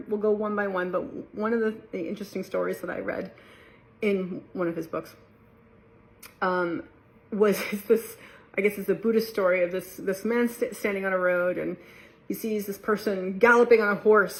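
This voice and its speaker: A woman talking casually about mindfulness to her viewers, relaxed and chatty, often laughing and slipping into playful quoted voices. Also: mid-range voice. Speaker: mindfulness vlogger. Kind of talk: casual talk to camera.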